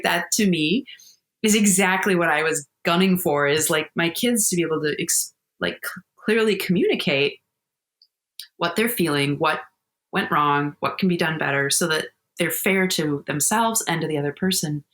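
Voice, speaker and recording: A middle-aged woman speaks in a fairly low voice as a podcast guest. She talks openly and conversationally, telling personal stories with frequent laughter. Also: expressive, normal speed. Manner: warm, candid storytelling with frequent laughs. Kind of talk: casual conversational interview.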